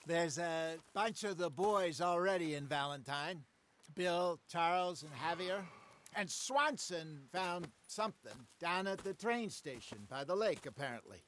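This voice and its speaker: Dry western gang outlaw in a game, kinda high voice, faint hiss. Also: male voice, animated, unhurried, a bit bright. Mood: wry. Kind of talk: video game dialogue.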